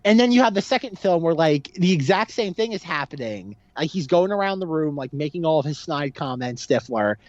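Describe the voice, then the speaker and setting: A man co-hosting a podcast about movies, rambling casually with lots of "like" and lively quoted impressions. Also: fairly high pitch, fairly quick, hardly any pauses, no room sound, dull audio. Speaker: podcast co-host. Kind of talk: casual film discussion.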